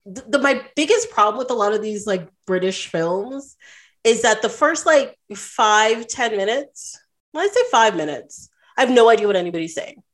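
A fairly high-voiced woman chatting casually about movies. She is bubbly and giggly and leans on "like" and "um" as she talks. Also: expressive, moderate pace. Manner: bubbly, giggly, lots of "like" fillers. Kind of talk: casual chat about films.

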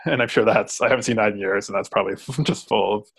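A man co-hosting a casual movie chat, easygoing and quick to agree, laughing softly. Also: lowish voice, breathy edge. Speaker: podcast co-host.

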